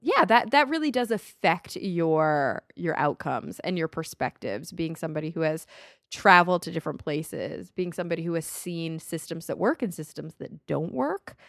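A woman's voice: deep voice, animated, normal speed, vocal fry, no echo, studio quality. A woman with an American accent hosting an interview, chatty, laughing often and swearing casually. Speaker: podcast host.

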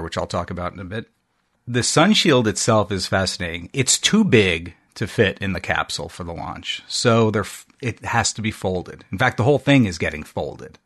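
Man, 50s, science podcast co-host; lively, laughing delivery with a lower voice. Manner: lively, laughs mid-sentence, reads aloud. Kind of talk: casual science chat.

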